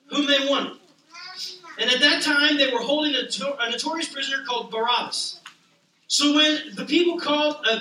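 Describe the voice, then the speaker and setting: A male pastor preaching a sermon with passion, rising to loud cries and dropping to hushed lines. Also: extremely high pitch, slight background noise. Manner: impassioned, swinging from loud to hushed. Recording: echoey room, voice a bit distant.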